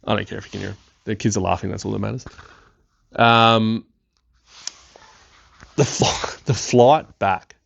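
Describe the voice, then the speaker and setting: Low-voiced, swearing guy. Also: measured pace, gravelly, long pauses, lo-fi sound. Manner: excitable, swears freely, laughs often. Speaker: podcast host. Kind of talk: casual storytelling.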